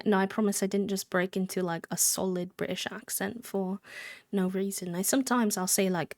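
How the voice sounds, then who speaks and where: A woman's voice: medium pitch, fairly even intonation, normal speed, darkish tone, no echo, studio quality. Chatty woman streamer over faint music. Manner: chatty, rambling, answers chat and thanks subscribers. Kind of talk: casual live-stream chat while gaming.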